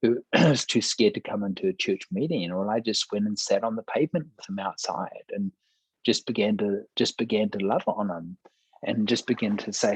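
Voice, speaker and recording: Man, pastor, husky, fairly low voice, earnest storytelling. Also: moderate pace, dry recording, rough recording. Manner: earnest storyteller, acts out quoted dialogue. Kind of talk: telling a testimony in conversation.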